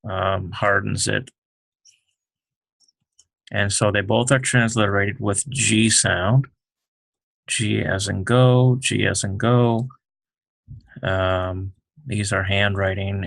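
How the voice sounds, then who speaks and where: A man teaching the Hebrew alphabet, talking slowly with many fillers as he writes out each letter. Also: lowish voice, creaky, fairly bright tone, no echo. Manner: slow, halting, many fillers, explains while writing. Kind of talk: unscripted alphabet lesson.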